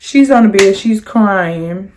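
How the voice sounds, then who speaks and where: Animated young woman telling a story. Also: slow. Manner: animated, jumps high on quoted lines; rambling with many restarts and "like". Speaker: storyteller vlogger. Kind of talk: casual storytime.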